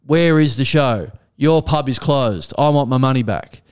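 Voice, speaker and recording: A man's voice: on the high side, animated, measured pace, smooth. A man voicing an angry, stubborn woman who demands her money back, in blunt insistent lines. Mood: demanding. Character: angry, stubborn female ticket-buyer.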